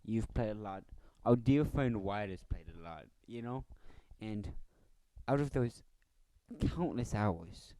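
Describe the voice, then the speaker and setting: A man's voice: lowish voice, animated, takes it slowly, dark tone, clear, resonant tone, no echo. A young man co-hosting a casual podcast, joking in a mock-sentimental way. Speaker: podcast co-host. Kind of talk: casual chat.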